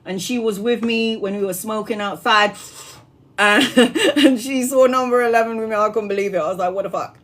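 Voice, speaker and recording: A woman tarot reader hosts a casual live stream, her voice sitting slightly high. She rambles in an animated way, laughing, swearing and voicing the people in her anecdotes. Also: moderate pace.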